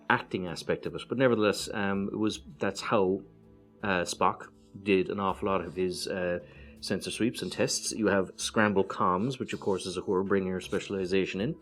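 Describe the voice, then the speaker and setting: An Irish man casually walking through a board game's cards one by one, relaxed and hesitant, with many fillers and chatty asides. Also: deep voice. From Ireland. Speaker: board game reviewer. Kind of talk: casual card-by-card walkthrough.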